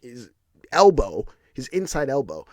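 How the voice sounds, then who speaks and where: A man's voice: mid-range voice, wildly swooping pitch, a little slow, no echo, clean studio sound. A man hosting a podcast, ranting in casual solo commentary with restarts and repeated words. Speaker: podcast host.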